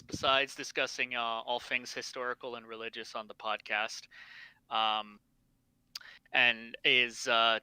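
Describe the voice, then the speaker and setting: Bright, crisp-voiced man explaining lore. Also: mid-range voice, no echo, rough recording. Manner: knowledgeable, explains at length with fillers. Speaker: podcast co-host. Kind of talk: casual livestream chat.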